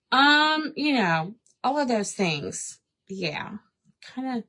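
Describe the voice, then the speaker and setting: A woman's voice: a little high, big pitch swings, very slow, pauses often, sharp tone. A middle-aged woman, chatting to viewers as she paints during a crafting livestream. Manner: chatty storyteller, addresses viewers as y'all. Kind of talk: casual chat while painting. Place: home craft room.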